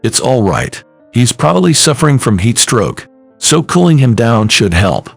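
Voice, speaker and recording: A man voicing a kind woman who calmly reassures a child and helps. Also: medium pitch, normal speed, gravelly, faint music behind. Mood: reassuring. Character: kind helpful ordinary woman, calm.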